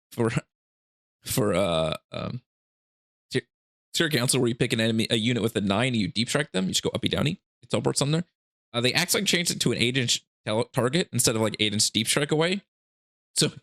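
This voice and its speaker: This man, who hosts a gaming channel, gives loose commentary breaking down game rules, with hiccups, frequent restarts, and laughing asides as he rambles. His voice is mid-range with a fairly bright tone.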